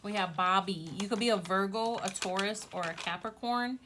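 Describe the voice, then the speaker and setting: A woman's voice: mid-range voice, normal speed, very noisy. Chatty woman giving a tarot reading. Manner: chatty, gushing, addresses viewers as y'all. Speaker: tarot reader. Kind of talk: casual tarot reading to camera.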